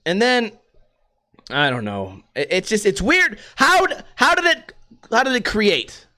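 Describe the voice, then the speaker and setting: High-voiced, profane male podcaster. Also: sing-song, a little slow, sharp tone. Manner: profane, rambling, throws in put-on voices. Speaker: podcast host. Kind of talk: casual solo podcast rant.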